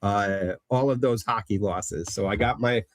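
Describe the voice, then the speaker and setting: A man's voice: lowish voice, a little slow, dry recording. Rambling storytelling man, dry sound. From Connecticut, USA. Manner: rambling, storytelling with many fillers. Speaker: guest presenter. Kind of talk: casual podcast chat.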